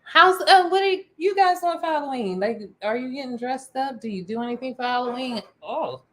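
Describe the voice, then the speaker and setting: A woman co-hosting a relaxed chat show, her voice sitting a little high. She rambles playfully from one thought to the next and giggles often. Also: a little fast. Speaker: podcast co-host. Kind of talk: casual chat.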